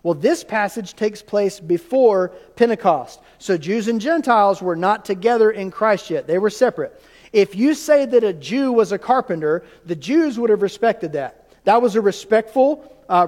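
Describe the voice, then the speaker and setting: A man's voice: high voice, a little mellow. A man preaching a sermon as pastor, teaching and quizzing the congregation with questions in a church sanctuary. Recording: long reverb of a church hall.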